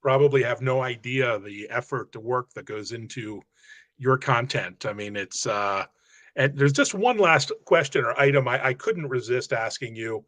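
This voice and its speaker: A man's voice: mid-range voice, normal speed, dry recording. A man hosting a casual interview, reacting and laughing along with his guest. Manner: warm reactions, frequent laughter. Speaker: interview host.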